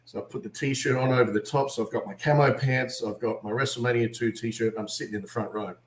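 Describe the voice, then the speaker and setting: Animated Australian man telling a story. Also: mid-range voice, quick pace, roomy sound. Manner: animated storyteller, acts out voices in quotes. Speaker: guest. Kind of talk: storytelling on a video call. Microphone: video call.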